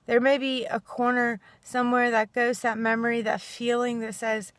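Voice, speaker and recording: Earnest woman, casual heartfelt talk, slightly high voice, dry close sound. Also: flat delivery, normal speed, a bit bright, smooth, no echo. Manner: earnest, rambling, acts out little quoted exchanges. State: choked up. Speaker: self-help video host.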